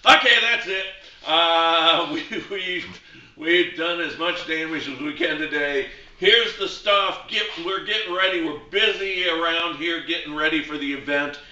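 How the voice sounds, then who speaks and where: A man's voice: on the high side, moderate pace, pushed and bright. An older man chatting casually as a shop host, telling a rambling, joking story and correcting himself along the way. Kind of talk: casual promo chat and storytelling. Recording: roomy echo, mic at a distance.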